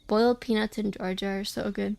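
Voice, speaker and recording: A woman's voice: medium pitch, steady tone, a little fast, creaky, darkish tone, clear, resonant tone. A young woman streaming a game, chatting casually and rambling with many restarts. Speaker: VTuber streamer.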